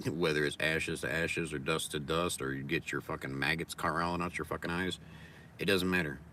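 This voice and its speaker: A man's voice: very deep voice, steady tone, normal speed, sharp tone, recorded from a distance, a little hiss or hum. A man talking in a casual livestream monologue, rambling, blunt and full of swearing, circling back to repeated mantras. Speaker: livestream host.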